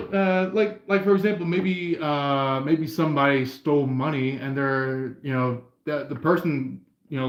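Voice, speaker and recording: A man's voice: on the high side, echoey room, slight background noise. A man hosting a live tarot reading stream, talking in a meandering way, full of fillers and restarts. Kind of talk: rambling live-stream chat.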